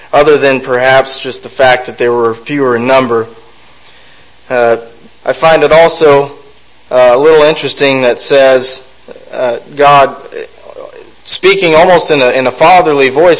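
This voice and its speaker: A man leads a Bible study, reading the passage aloud in a middle-pitched voice and stopping to muse on its meaning. He often slips on a word, adds an "uh", and restarts the phrase. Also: rough recording. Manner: reads aloud with frequent fillers and self-corrections; thoughtful, musing asides. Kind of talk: scripture reading with commentary.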